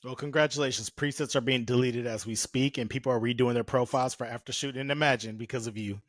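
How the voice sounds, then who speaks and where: A man's voice: medium pitch, fairly even intonation, fast, no room sound. Joking man hosting a podcast, dry sound. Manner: joking, laughs often, swears casually. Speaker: podcast host. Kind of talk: casual podcast chat.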